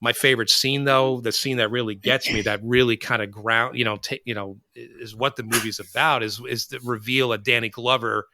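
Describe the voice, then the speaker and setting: A man hosts a casual podcast about films, telling scenes in an animated, rambling way. His voice is bright and forceful, and the sound is dry and close, with no room around it. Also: medium pitch, fairly quick, few pauses, dry recording. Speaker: podcast host. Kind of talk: casual film discussion.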